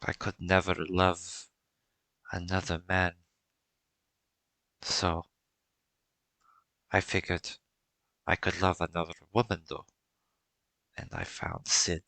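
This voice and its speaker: A man voicing a doting warrior mother who speaks softly and affectionately in a tabletop game. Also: sits low, slow pace, creaky, long pauses, no room sound, heavily acted. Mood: fond. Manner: soft, hushed and affectionate.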